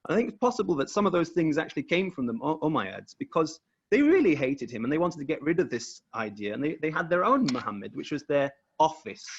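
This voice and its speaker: Male guest on a video call, husky, careful explainer, muffled lo-fi line. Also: a little high, sing-song, quick pace. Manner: careful, repeats words while explaining. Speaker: guest researcher. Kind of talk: explanatory talk over screen share.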